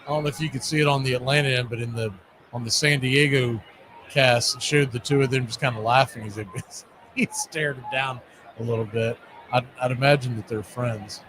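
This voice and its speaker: A man hosting a fan stream, calling baseball play-by-play in a radio style and shouting big plays with playful catchphrases. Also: mid-range voice, steady tone, brisk, noisy background. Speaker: play-by-play announcer.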